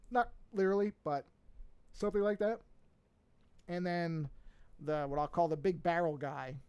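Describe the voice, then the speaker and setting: A man, an art teacher streaming a drawing lesson, casually teaches cartoon drawing at his desk mic, rambling and thinking aloud as he works. His voice is a little high, gravelly and a bit mellow. He's yawning and sounds somewhat sleepy.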